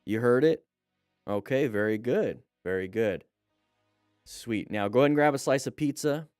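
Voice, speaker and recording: A man's voice: mid-range voice, expressive, normal speed, a little mellow, smooth, no echo, studio quality, faint music behind. A man hosting a casual live stream, chatting to viewers and greeting them as he reads their comments. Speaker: live stream host and riding instructor.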